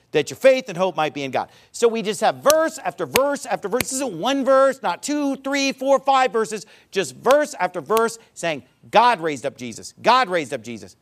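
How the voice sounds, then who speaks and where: A man preaching a sermon, quoting scripture and driving his points home through emphatic repetition and rhetorical questions. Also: high-pitched. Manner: animated, emphatic, repeats phrases for emphasis; calls a congregation member up for a live illustration. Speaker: pastor.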